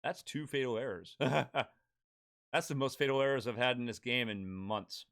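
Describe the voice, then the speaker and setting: A man's voice: medium pitch, a little slow, vocal fry, a bit bright. A man streams a game and chats casually with his viewers. He talks bluntly in an everyday mid-range voice and swears heavily. The delivery is loose and unscripted. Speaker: gaming live streamer. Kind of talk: casual live-stream chat.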